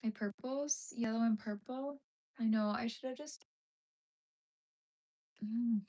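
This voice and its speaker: A woman's voice: on the high side, slow, warm tone. A young adult woman chatting casually on a live stream while she crochets, answering viewer comments and murmuring to herself as she works.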